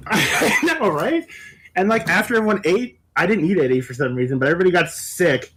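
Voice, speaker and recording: A man's voice: high-pitched, animated, brisk, a bit bright, slight background noise. A man in casual podcast chat, animatedly telling a story, laughing often and swearing a lot. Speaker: podcast co-host.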